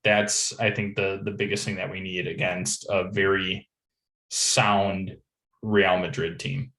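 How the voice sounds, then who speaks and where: Slow, opinionated guy on a football podcast, echoey room. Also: deep voice, level tone, bright, forceful tone. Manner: deliberate, opinionated, repeats points. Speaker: podcast co-host. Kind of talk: casual football chat.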